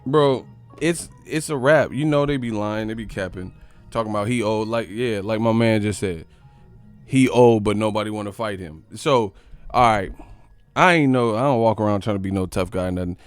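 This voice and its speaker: A man's voice: lowish voice, moderate pace, smooth, faint music behind. A man hosting a boxing live stream, rambling in casual slang and laughing often as he talks to his chat. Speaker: boxing channel host.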